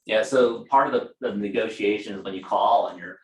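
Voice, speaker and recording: A man's voice: fairly low pitch, fairly quick, few pauses, echoey room, rough recording. A man running a casual real estate training session for a small group, talking conversationally with fillers and asides.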